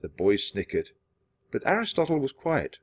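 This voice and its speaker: A man reading a children's chapter book aloud in a clear, steady storytelling manner. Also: mid-range voice, normal speed, no echo. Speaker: storybook reader.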